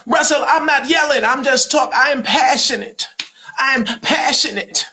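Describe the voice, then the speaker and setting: A man's voice: very high-pitched, measured pace, bright, forceful tone, voice pushed up, heavily acted. A man voicing an indignant, proud woman comedian who scolds and protests in a sassy manner. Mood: defensive. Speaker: comedian doing impressions.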